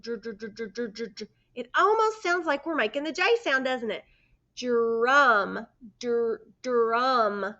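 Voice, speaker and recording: Woman, first grade teacher; slow, patient phonics delivery, slightly higher voice, dull lo-fi recording. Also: fairly bright tone. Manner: slow, patient, sounds out letters and prompts the children. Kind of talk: phonics lesson for young children. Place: indoors by a sunny window.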